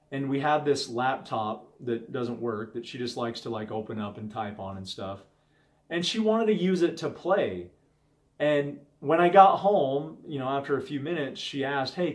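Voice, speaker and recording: A man in his thirties hosting a casual talk, telling a story from his home life in an earnest, conversational way. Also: mid-range voice. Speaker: host. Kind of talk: casual talk on stress management.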